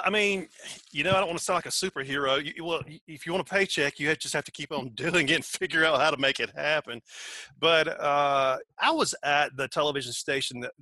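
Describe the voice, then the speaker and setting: A man from Georgia with a Southern accent, talking as a guest in a casual podcast interview, folksy and animated. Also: medium pitch, dry recording. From Georgia, United States. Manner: folksy, animated, laughs easily. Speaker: podcast guest, startup CEO.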